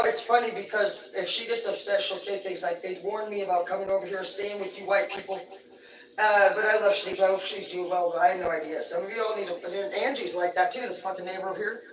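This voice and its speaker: A woman's voice: medium pitch, fairly bright tone. A woman hosting a livestream who tells rambling, profane stories in a blunt, casual way. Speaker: livestream host. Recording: roomy sound, distant from the mic.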